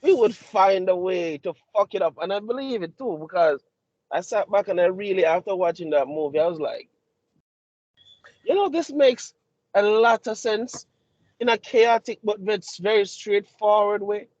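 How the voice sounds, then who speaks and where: A man co-hosting a casual discussion podcast, talking slowly through an idea and repeating words as he searches for them. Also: high-pitched, expressive, darkish tone, no echo, muffled recording. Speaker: podcast co-host.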